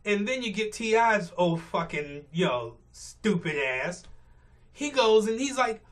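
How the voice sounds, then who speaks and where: In a high-pitched, very animated voice, a male vlogger takes his time ranting from his car on his morning commute. He's blunt, profane and clearly exasperated.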